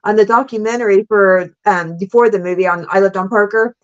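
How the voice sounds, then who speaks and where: Excited woman telling wild stories. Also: mid-range voice. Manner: animated, laughing, fast bursts, says "like" and "super freaking cool" a lot. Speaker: guest. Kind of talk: casual storytelling interview. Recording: slightly dull lo-fi sound.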